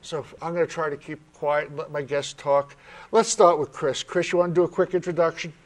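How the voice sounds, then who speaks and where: A man with a New York accent hosts a spiritual talk show, introducing his guests in a friendly, chatty way. His voice sits somewhat high for a man, and he sounds earnest and easygoing. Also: fairly even intonation, brisk. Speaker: host.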